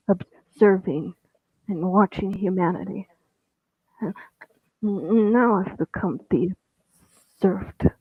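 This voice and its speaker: Man, first-person story reading, halting and stammering, slow delivery, husky voice, dry phone-like sound. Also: high voice, no room sound. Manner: halting, stammering, with many restarts; drops into an unvoiced whisper at times. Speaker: host reading his own story. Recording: tinny phone-like audio, dry.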